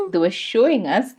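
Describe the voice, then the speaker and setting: A woman's voice: on the high side, darkish tone, breathy edge. A young adult woman chatting casually as a podcast co-host, reflective and acting out quoted voices. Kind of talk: casual chat.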